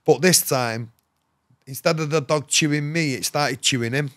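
An English man, a guest on a podcast, speaks at a moderate pace in a slightly high voice with a fairly bright tone and no room sound. His story rambles, and he talks casually, using slang, frequent swearing and fillers like "you know what I mean."

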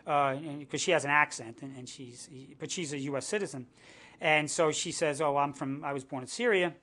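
A man's voice: fairly high pitch, a little fast, pushed and bright. A middle-aged American man telling his own story, earnest and indignant, stumbling through many restarts and fillers. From United States. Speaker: interviewee. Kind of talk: personal testimony to camera.

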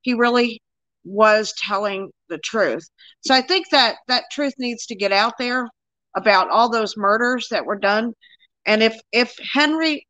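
A woman's voice: a little high, fairly bright tone, no room sound, poor audio. A woman guest, an author and crime investigator, talking earnestly and insistently in a casual interview.

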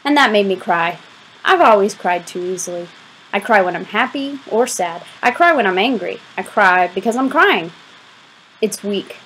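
A woman reads a novel aloud for an audiobook, bringing a lively, expressive energy to the first-person narration. Her mid-range voice moves at a moderate pace, and the rough recording carries slight background noise.

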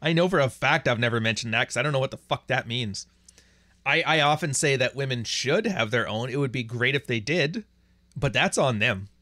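A man hosting a livestream speaks briskly in a medium-pitched voice that's bright and forceful, with lively intonation, on a dry recording. His profane rant is blunt and crude, and he reads viewer chat messages out loud.

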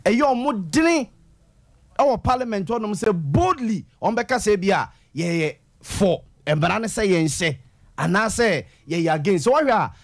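Ghanaian male panelist, slightly high, lively voice, steady explanatory talk. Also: unhurried. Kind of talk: radio discussion.

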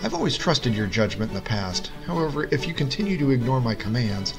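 A man voicing an angry, exasperated king who booms and scolds, with music behind. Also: very animated, a little fast, creaky, poor audio. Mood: stern. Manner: booming and scolding.

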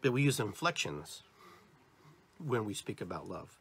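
A man's voice: fairly low pitch, sing-song, measured pace, fairly bright tone, husky. A man hosting a podcast, giving a motivational spiritual talk straight to his listeners, emphatic and repetitive. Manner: acts out different tones of voice as examples. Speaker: podcast host.

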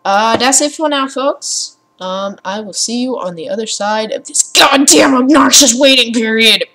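Recorded on a computer mic with headphones, a young female gaming vlogger rambles casually from her home computer. Her voice is a little high, gravelly and a bit bright, and she takes her time. Expect sarcasm, swearing and ranting.

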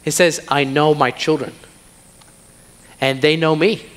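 A pastor with a fairly high voice preaches a sermon in a church sanctuary, keeping a steady tone and measured pace. He speaks emphatically, repeating phrases for stress, and the recording carries a long hall reverb.

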